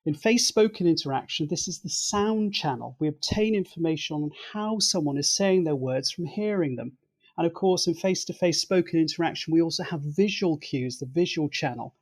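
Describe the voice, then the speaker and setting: A man's voice: a little high, fairly quick, breathy edge. A man speaking as an expert guest in an interview, explaining his points in a methodical, lecturing way.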